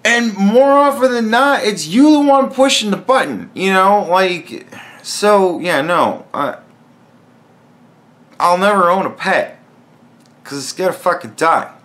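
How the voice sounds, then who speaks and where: A man's voice: high voice, expressive, slow, a bit bright. A man talking alone in a casual podcast monologue, blunt and profane, rambling with frequent restarts. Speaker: podcast host.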